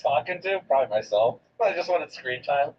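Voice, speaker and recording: A man commenting casually on a video during his stream, swinging between loud outbursts and low asides. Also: fairly quick. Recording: dull lo-fi stream audio with steady background noise.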